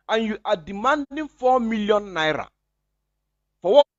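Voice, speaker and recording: Guy ranting on a live stream, high animated voice, keeps repeating himself, bit of room echo. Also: measured pace, dull audio. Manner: emphatic, repeats phrases, fires rhetorical questions. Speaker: political commentator.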